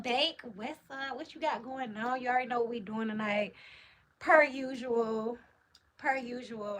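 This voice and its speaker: A woman's voice: on the high side, fairly bright tone, slight background noise. A woman hosting a livestream, chatting in a hyped, slangy, casual way while answering comments. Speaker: livestream host.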